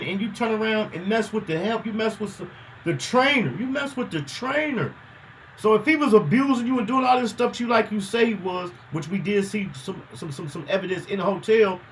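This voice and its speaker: A man's voice: sits high, a little hiss or hum, rough recording. A man hosting a news commentary show, talking casually with slang and repeating himself as he makes his point. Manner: animated, repetitive, conversational slang.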